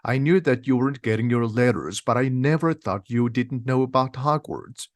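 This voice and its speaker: A man voicing a huge bearded gentle giant who is blunt and quick to indignation, in a storybook reading. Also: mid-range voice, no room sound, natural voice. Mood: indignant.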